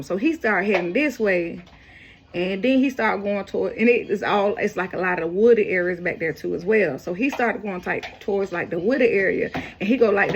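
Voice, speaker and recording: A woman telling a personal story in a loose, rambling way, jumping up in pitch when she quotes people. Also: dull audio, a little hiss or hum. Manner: casual, rambling, quoting others with raised pitch. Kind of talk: casual storytelling.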